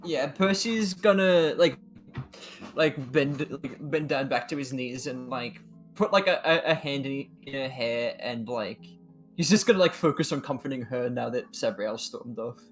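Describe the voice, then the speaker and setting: A man's voice: medium pitch, normal speed, faint music behind. A man playing a tabletop role-play game, describing his character's actions in a hesitant, stumbling way. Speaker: player.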